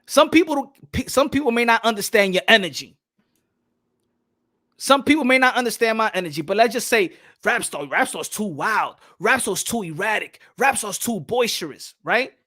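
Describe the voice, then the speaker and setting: A man co-hosting a boxing podcast, talking in an animated, emphatic way and repeating himself. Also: high voice, normal speed. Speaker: podcast co-host. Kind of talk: casual boxing podcast chat.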